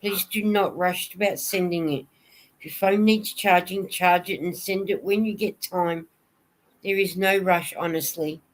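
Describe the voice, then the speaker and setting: A woman's voice: on the low side, steady tone, unhurried. A woman hosting a casual livestream, chatting and answering viewer comments. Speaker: knitting vlogger hosting a livestream.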